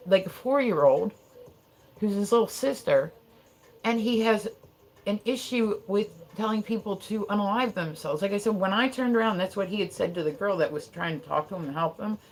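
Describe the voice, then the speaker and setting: Heated, fast-talking woman streamer. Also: medium pitch, expressive, darkish tone. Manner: heated, profane, peppered with "like" and "right?". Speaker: live streamer. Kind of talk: casual storytelling on a live stream.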